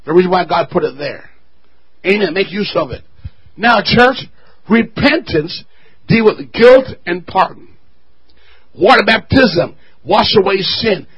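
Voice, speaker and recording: A man preaching a sermon to his church, swelling to loud shouts and dropping to quiet asides. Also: high-pitched, breathy edge, lo-fi sound. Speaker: pastor.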